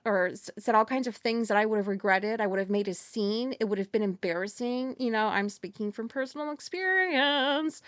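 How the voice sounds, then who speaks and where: A woman hosting a podcast and telling a story at home in a rambling, profane way. She corrects herself often and gets loud and agitated as she retells a conflict. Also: medium pitch, no echo. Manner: rambling, heavy swearing, quick self-corrections. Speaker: podcast host. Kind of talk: casual storytelling monologue.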